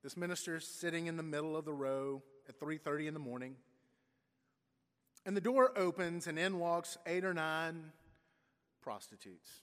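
A man's voice: a little high, moderate pace, a bit bright. A man, a pastor, tells a story in a sermon, briefly voicing its people. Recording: long church reverb.

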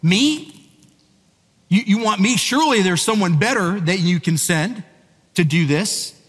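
Moses, anxious and doubting, pleading a preacher's take, a little high, with a reverberant hall. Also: male voice, lively intonation, unhurried. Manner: pleading, incredulous, voice rising. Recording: echoey hall.

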